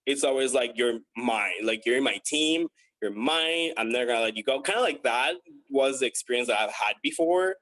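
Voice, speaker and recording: Man telling a lively story. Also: normal speed. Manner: animated, acts out quoted voices with big pitch jumps; chatty with frequent fillers. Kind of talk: casual podcast storytelling.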